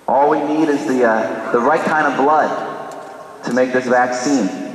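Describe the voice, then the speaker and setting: A man's voice: mid-range voice, measured pace, fairly bright tone, slight background noise. A man preaching a sermon, telling a dramatic story and acting out the dialogue. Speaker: priest. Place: large church. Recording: echoey church from a distance.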